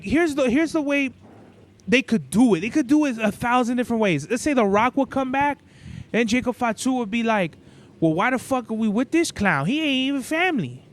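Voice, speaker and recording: A young man hosting a podcast, ranting in a casual, profane, blunt way. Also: high voice. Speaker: podcast host. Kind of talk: casual rant. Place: indoors. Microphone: cabled microphone.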